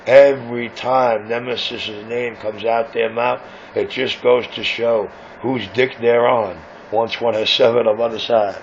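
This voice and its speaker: A brash man talks over a CB radio channel, bragging and needling his rivals in a gravelly, fry-edged voice. The sound is muffled and lo-fi, with a faint hiss underneath. He keeps a mid-range pitch and a cocky, combative delivery. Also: fairly even intonation, unhurried. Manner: boastful, taunting. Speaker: CB radio shop owner. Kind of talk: CB radio banter.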